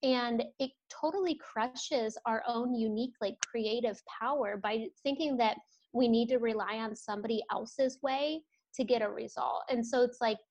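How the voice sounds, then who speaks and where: Relaxed rambling woman, slightly high voice. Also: moderate pace. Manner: relaxed, rambling, fillers, little laughs. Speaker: business coach guest. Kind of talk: casual interview chat.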